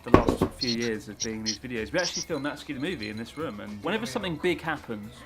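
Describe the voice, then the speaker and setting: A man's voice: mid-range voice, lively intonation, fast, over loud music. A man narrating a casual vlog from an izakaya, jokey and self-deprecating. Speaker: vlogger.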